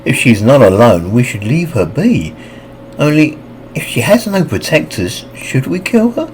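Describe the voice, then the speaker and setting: A man's voice: medium pitch, sing-song, unhurried, a little mellow, a little hiss or hum, voice pushed up, low-quality recording. A male narrator voicing a cautious female harpy who weighs the risks aloud.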